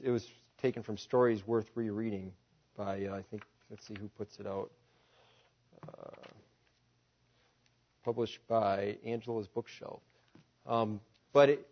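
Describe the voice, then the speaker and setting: A man's voice: on the low side, fairly even intonation, takes it slowly, long pauses, muffled recording. Man preaching a dramatic sermon story. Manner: dramatic storytelling with rhetorical questions. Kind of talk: sermon, reading a story aloud.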